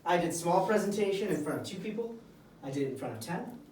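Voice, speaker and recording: A man with a fairly high voice teaches a class of young learners, keeping his sentences short and emphatic. He is picked up from across an echoey classroom, with faint room noise behind him. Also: animated, quick pace, darkish tone, recorded from a distance. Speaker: English teacher.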